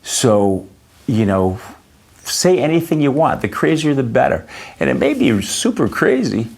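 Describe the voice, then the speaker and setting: A man answering an interviewer's questions in a halting way, with many fillers and restarts, often telling personal stories. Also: mid-range voice, very animated, vocal fry, darkish tone, breathy edge. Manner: anecdotal storyteller. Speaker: interview guest.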